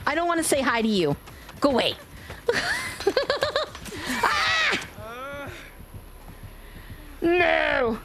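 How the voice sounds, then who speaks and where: A woman's voice: high voice, huge pitch swings, extremely slow, pauses often, background noise. Giggly, playful woman streamer with a fading New York accent. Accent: faded New York. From Brooklyn, New York. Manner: playful, giggly, swears freely. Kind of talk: casual gaming livestream chat.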